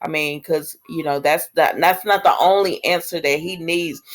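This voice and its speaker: A woman's voice: sits low, moderate pace. A woman casually recapping a soap episode, acting out the characters' lines and laughing at the drama. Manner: animated, laughs often, acts out characters' lines in quoted voices. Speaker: soap opera recap vlogger.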